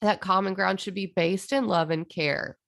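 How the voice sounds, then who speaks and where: Earnest woman with a gravelly edge. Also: mid-range voice, fairly even intonation, a bit bright. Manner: earnest and impassioned, with emphatic drawn-out phrases. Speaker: astrologer. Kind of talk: heartfelt monologue on astrology.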